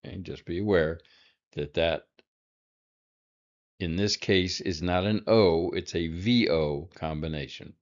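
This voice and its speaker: Male teacher, very low voice, unhurried, halting delivery with fillers, dull lo-fi recording. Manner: halting, many fillers, dry asides. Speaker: Hebrew teacher. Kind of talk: recorded classroom lesson.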